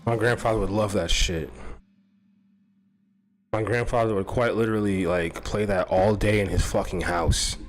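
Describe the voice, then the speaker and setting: A man's voice: lowish voice, steady tone, normal speed, long pauses, soft background music. A man hosting a casual talk show, rambling, swearing and laughing often. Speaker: host.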